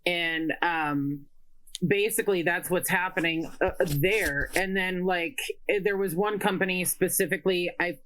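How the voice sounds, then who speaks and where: A woman co-hosting a casual political chat show, pausing often on fillers and restarts and ranting in frustration. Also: on the low side, fairly bright tone, a little hiss or hum, poor audio. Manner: halting, full of fillers and restarts; exasperated ranting.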